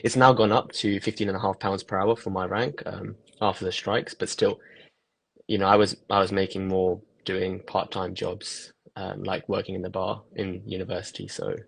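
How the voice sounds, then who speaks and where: A young man in his twenties, a newly qualified doctor, is a guest on a remote interview. His voice is low and gravelly, with little rise and fall, and he talks plainly and matter-of-factly. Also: level tone, normal speed. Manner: plain-spoken and matter-of-fact. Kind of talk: remote interview over video call.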